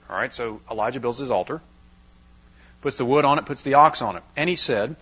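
A man's voice: fairly high pitch, fairly bright tone, husky, low-quality recording. A man preaching a Bible-teaching sermon to a live audience, dramatizing the scripture with wry asides.

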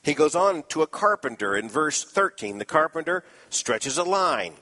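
A man preaching an expository sermon in a slightly high voice. He explains scripture earnestly, dropping in dry little asides along the way. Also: sing-song, moderate pace, sharp tone, long reverb tail.

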